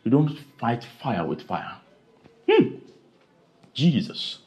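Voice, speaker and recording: A man preaching a sermon, dramatic, with sudden high cries and repeated questions. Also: huge pitch swings, slow, a little mellow.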